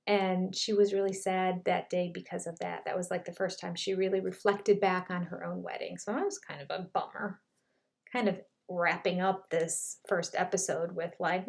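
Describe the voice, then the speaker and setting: A woman's voice: on the low side, steady tone, normal speed, gravelly, a little mellow. Older woman chatting through a show recap. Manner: chatty, retells scenes with quoted dialogue. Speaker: reality show reviewer. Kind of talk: casual commentary.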